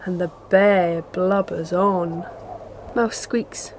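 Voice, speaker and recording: A woman's voice: medium pitch, slow, a little mellow. A woman reading a picture book aloud as a storyteller, rhythmic and playful in a sing-song way. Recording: noisy background.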